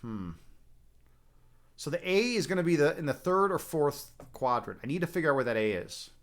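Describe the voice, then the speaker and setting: A man's voice: fairly high pitch, sing-song, moderate pace. A man hosting a casual livestream, rambling and chatting with viewers and swearing now and then. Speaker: livestream host.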